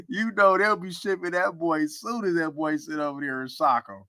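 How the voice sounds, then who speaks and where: A man's voice: high voice, takes it slowly, bright, forceful tone, no room sound. A man hosting a casual sports talk stream, teasing and laughing often. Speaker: sports commentary host.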